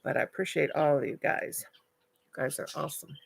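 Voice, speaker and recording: An older woman hosting a casual live stream, chatting warmly with viewers and calling them darling and honey. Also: deep voice, steady tone, a little fast, gravelly, breathy edge. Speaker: livestream host. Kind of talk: casual live-stream chat reading comments.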